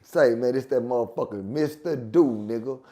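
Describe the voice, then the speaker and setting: A man telling profane, animated prison stories in casual chat, repeating phrases for effect. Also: mid-range voice, normal speed. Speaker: guest storyteller.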